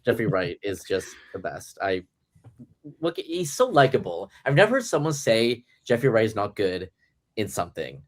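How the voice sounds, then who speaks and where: A man's voice: fairly low pitch, big pitch swings, moderate pace. A man on a film podcast panel, enthusiastic and emphatic in his praise. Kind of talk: casual film discussion.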